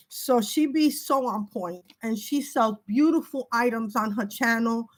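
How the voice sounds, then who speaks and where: Woman, higher voice, emotional vlog monologue, halting and repetitive, urgent warnings. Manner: halting, repeats words, breaks off emotionally. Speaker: spiritual video creator. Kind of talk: emotional direct-to-camera monologue.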